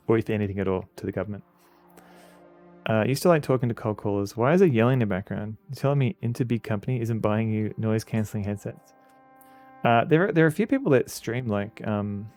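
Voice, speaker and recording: Aussie guy rambling on stream, lots of ums, kinda low gravelly voice. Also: darkish tone. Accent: Australian. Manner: halting, rambling, many fillers. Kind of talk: casual commentary while playing a game.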